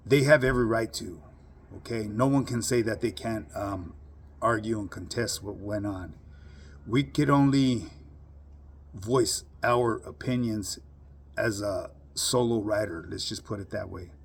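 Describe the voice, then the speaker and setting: Gravelly blunt-talking man. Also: lowish voice. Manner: blunt, profane, streetwise slang. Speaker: social media commentator. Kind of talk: casual monologue to camera.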